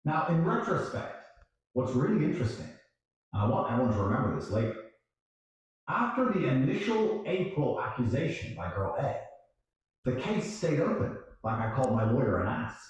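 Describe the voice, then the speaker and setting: A man's voice: mid-range voice, sing-song, normal speed. A man telling a story on a stream in a profane, emphatic way, acting out other people's voices. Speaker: guest storyteller. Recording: very echoey room.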